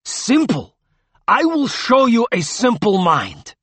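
A man's voice: a little high, lively intonation, normal speed, vocal fry, husky, no echo, full character voice. A man voicing a proud, aristocratic alien prince and grandfather who talks in formal, old-fashioned phrases. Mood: cold fury.

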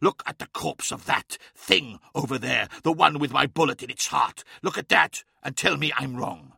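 A man voicing a hot-tempered barbarian warlord who speaks in a loud, gravelly growl. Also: mid-range voice, moderate pace, no room sound, clean studio sound, heavily acted. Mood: angry.

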